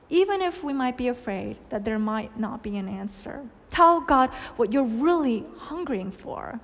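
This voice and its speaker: Woman pastor, higher register, reflective storytelling sermon with long hall reverb. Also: lively intonation, normal speed, hardly any pauses. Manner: storytelling, questions, soft dips for quoted lines. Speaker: preacher.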